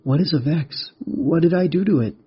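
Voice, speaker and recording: A small, excitable boy who yelps and pleads in a raised, strained voice, as a man reads him out. The tone is husky and breathy, and the recording sounds dull and lo-fi. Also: moderate pace. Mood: alarmed. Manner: high yelping and pleading. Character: frightened excitable little boy.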